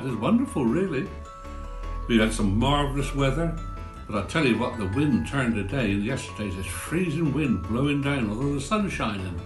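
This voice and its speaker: Folksy bloke telling funny village stories, roomy sound, soft guitar. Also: male voice, medium pitch. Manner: chatty, folksy. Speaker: storyteller. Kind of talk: comic village storytelling.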